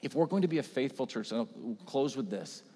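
A man's voice: medium pitch, expressive, brisk, warm tone, husky. A man, a pastor, preaching a sermon in a conversational way, often checking in with the congregation. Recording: echoey hall reverb.

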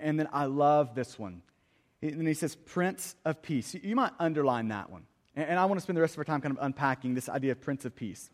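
A man's voice: high voice, long reverb tail. A man preaching a sermon as pastor, earnest, often repeating the first word of a phrase. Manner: earnest, repeats words when starting phrases. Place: church hall.

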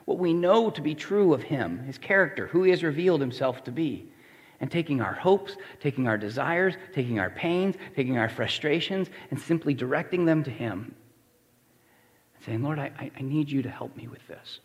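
Dynamic preaching man in a hall. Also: on the high side. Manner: dynamic preaching, swings from hushed to shouting. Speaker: pastor. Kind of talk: sermon.

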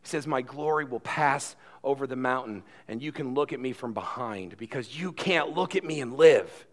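A man preaching a sermon who swings between quiet asides and loud emphatic passages, repeating words as he builds. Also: mid-range voice, normal speed. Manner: repeats and restarts words when worked up. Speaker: pastor.

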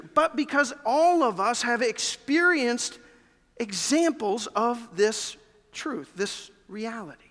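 A man's voice: extremely high pitch, fairly bright tone. A man preaching a sermon as pastor, talking conversationally and addressing the congregation directly, in a church sanctuary. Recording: long reverb of a large church hall.

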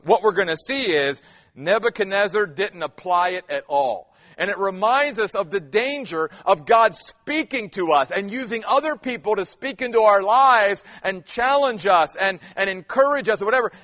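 High-voiced preaching man, reverberant. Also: fairly bright tone. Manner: emphatic preaching with rhetorical questions. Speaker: pastor. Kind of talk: sermon.

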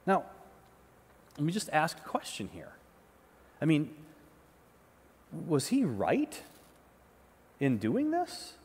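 A man's voice: on the high side, wildly swooping pitch, slow pace, long pauses, darkish tone, breathy edge. A male pastor delivering a conversational sermon, often restarting words and checking in with the listeners. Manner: conversational preaching, repeats words, often asks "right?". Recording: long reverb of a large hall.

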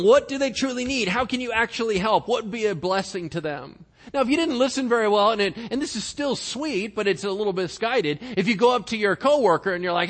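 A man's voice: very high-pitched, very animated, brisk, fairly bright tone. A man preaching a casual, conversational sermon to his congregation, acting out bits of dialogue as he goes. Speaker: pastor.

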